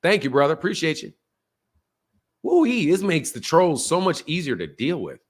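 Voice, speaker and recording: A man's voice: on the high side, sing-song, normal speed. A man hosting a live-streamed boxing talk show, reading super chats and firing back at trolls, often repeating himself. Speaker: boxing channel host.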